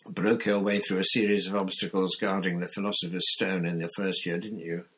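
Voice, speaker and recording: A man's voice: low voice, level tone, fairly quick, fairly bright tone, low-quality recording. A man doing a growling grizzled old wizard. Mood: gruff. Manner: growling, gruff. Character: gruff grizzled old male wizard veteran.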